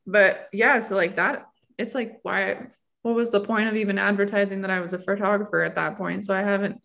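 A woman's voice: mid-range voice, fairly even intonation, fairly quick, creaky, fairly bright tone. A young woman, a photographer and guest, telling stories in an easygoing way with lots of fillers. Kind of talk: casual storytelling.

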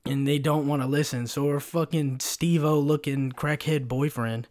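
A man's voice: on the high side, steady tone, normal speed, darkish tone. Young man, solo podcast host, foul-mouthed rambling rant, close mic. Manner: profane, rambling storytelling with many fillers. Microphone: pop filter mic.

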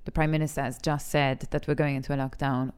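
A young adult actress from Malta, speaking openly and with feeling in an interview, laughing easily. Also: female voice, extremely low pitch, little pitch movement, fast talker, a little mellow, clean tone. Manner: candid and emotional, laughs easily. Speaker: actress and TV talent show judge. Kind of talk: frank interview conversation.

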